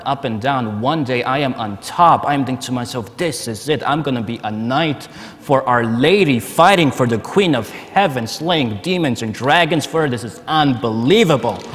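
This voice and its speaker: A man giving a personal testimony at a conference, telling his story in a lively way and laughing often. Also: mid-range voice, normal speed. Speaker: conference speaker. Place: large conference hall. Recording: long hall reverb, faint noise.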